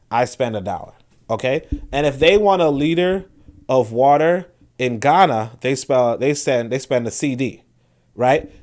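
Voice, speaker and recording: A man's voice: mid-range voice, darkish tone. A man hosting a casual livestream, speaking to viewers in a rambling, conversational way, with frequent restarts and asides. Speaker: host.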